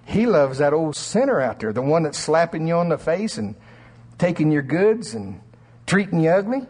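A man preaching a sermon in church, telling stories in an animated way and often laughing. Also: fairly high pitch, moderate pace, slightly rough. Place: church sanctuary.

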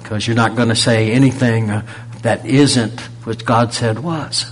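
A man preaching a sermon, pressing rhetorical questions and swinging from loud emphasis to a near-whisper. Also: medium pitch, fairly even intonation, measured pace, slight background noise.

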